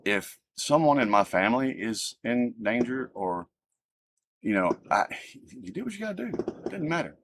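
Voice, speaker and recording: A man hosting a livestream, ranting with profanity and swinging between loud outbursts and low muttering. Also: big pitch swings, moderate pace, background noise. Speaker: livestream host. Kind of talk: heated ranting livestream talk.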